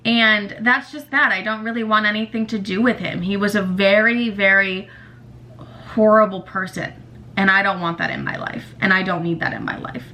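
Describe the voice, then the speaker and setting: Her voice now medium in pitch with fairly even intonation, the young podcaster still sounds bright and forceful at a normal speed. She talks candidly and emotionally about family matters, swearing freely throughout.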